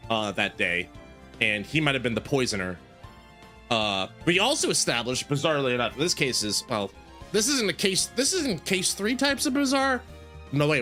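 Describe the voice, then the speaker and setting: Man, game streamer, casual rambling chat, jokey and self-deprecating, lively swinging pitch, faint music behind.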